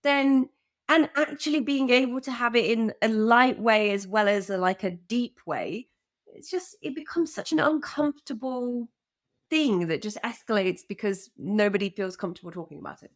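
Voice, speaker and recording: A woman's voice: on the high side, normal speed. A woman co-hosting a podcast in casual chat, bubbly and gushing, laughing often. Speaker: podcast co-host.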